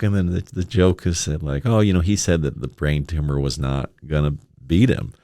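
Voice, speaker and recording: A man's voice: extremely low pitch, expressive, brisk, gravelly, hardly any pauses, a little mellow, dry recording, clean studio sound. A man, a stand-up comedian, telling personal stories in casual conversation, often laughing and acting out the people he quotes. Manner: laughs often, mimics others in quoted asides. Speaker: stand-up comedian, podcast guest.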